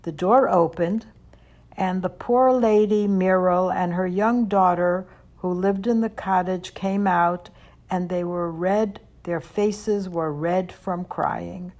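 A woman reading a children's story aloud, gentle and expressive. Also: lowish voice, slow.

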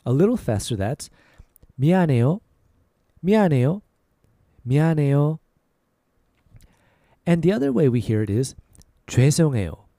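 A man hosting a language-lesson podcast, easygoing and clear, repeating short phrases slowly for learners. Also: medium pitch, sing-song, warm tone, no echo, studio quality. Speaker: Korean language podcast host.

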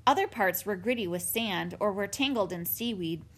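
A woman's voice: mid-range voice, moderate pace. Woman reading a children's story. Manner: expressive, storytelling. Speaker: audiobook narrator.

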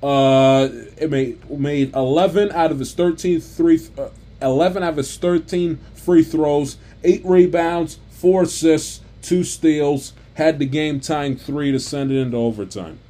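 A man's voice: fairly high pitch, unhurried, dark tone. A man ranting off the cuff about a basketball game, exasperated and stumbling over restarts and repeats. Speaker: sports commentator. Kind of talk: unscripted basketball rant.

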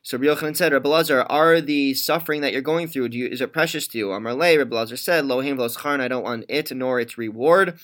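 A man's voice: medium pitch, fast, hardly any pauses, fairly bright tone. A man teaching a Talmud class, reading Aramaic lines aloud and then explaining them in plain, conversational English. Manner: conversational with fillers and restarts.

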